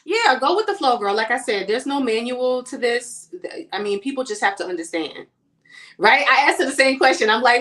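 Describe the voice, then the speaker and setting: A woman's voice: on the high side, animated, moderate pace, fairly bright tone. A woman hosting a casual makeup livestream, chatting with viewers and calling them y'all and girl as she works. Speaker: beauty livestream host. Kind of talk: casual chat while doing makeup. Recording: echoey room sound.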